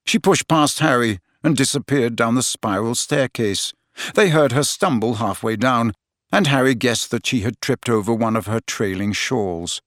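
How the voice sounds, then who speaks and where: A man narrating a story in a steady, expressive reading voice on a close microphone. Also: medium pitch, moderate pace, no room sound. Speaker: audiobook narrator. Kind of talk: scripted narration.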